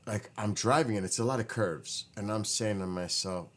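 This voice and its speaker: A man's voice: fairly low pitch, moderate pace, few pauses. A tired man, rambling casually to his livestream viewers from his living room. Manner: rambling, self-correcting, talks to chat. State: tired, voice wearing out. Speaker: livestream host chatting with viewers.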